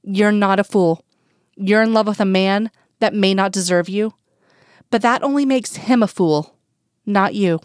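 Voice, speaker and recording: A woman voicing a gentle, patient man who talks softly and reassuringly, in a dry, close recording. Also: medium pitch, a little slow, clear, resonant tone, dry recording, natural voice.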